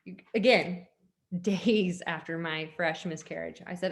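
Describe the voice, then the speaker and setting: A woman in her thirties, a network marketing leader, tells her personal story to an audience in a lowish, slightly slow voice. She's candid and chatty, peppering her talk with "like" and laughing when she feels uncomfortable. She's at home, with children nearby.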